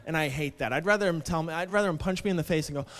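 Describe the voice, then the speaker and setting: A stand-up comedian on a club stage, delivering sarcastic, mock-indignant rants into a handheld mic. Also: male voice, a little high, very fast, a bit bright. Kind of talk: stand-up set.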